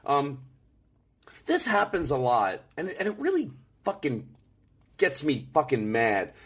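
A man's voice: on the high side, wildly swooping pitch, a little slow, husky. A man co-hosting a podcast, telling rambling, profane comedic stories in casual chat from a hotel room. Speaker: podcast co-host.

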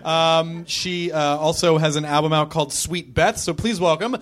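A man's voice: a little high, fairly even intonation, moderate pace, fairly bright tone. Man hosting a comedy show. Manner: rambling, self-aware asides. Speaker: show host. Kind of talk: introducing comedians. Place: comedy club stage.

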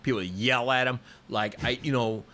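A man in his fifties chats on a podcast, spinning loose stories with constant fillers and restarts. His voice has a bright, forward edge at an ordinary pitch. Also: normal speed. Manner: rambling, storytelling with many fillers and restarts. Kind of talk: casual podcast conversation.

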